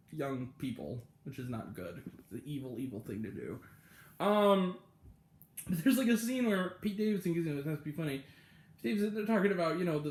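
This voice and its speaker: A man's voice: a little high, a little mellow. A man giving a casual, rambling spoken review of a comedy show, full of fillers and laughter, acting out quoted lines in other voices. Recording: echoey room.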